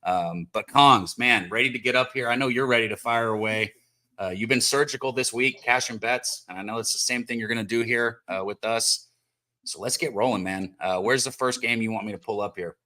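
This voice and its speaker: A man runs a live sports betting stream with a bright, forceful voice. He talks casually and with plenty of hype, giving shout-outs and throwing questions to his guests at a middling pitch. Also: fairly quick. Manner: hyped, hands out shout-outs. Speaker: host of a betting show.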